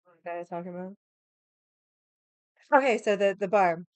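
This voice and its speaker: A woman's voice: mid-range voice, moderate pace, clear, resonant tone, no echo. Blunt, heated woman storyteller. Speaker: vlogger. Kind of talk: casual storytelling. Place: home room with the AC running.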